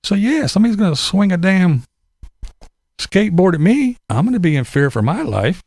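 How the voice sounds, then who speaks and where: A man's voice: high-pitched, very animated, moderate pace, darkish tone, no room sound. Middle-aged man, casual ranting vlogger, profane and blunt, dry recording. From Pennsylvania. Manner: blunt, profane, laughs between points. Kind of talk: casual opinion monologue.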